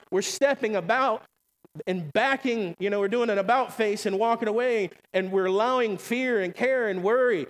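A man's voice: high voice, long reverb tail, low-quality recording. A man preaching a sermon as pastor, fervent, repeating "come on" and throwing questions to the congregation.

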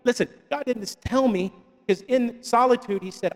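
High-voiced pastor preaching in a hall. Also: male voice, normal speed. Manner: preaching with call-and-response to the congregation. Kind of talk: sermon. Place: church hall. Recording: long reverb of a church hall.

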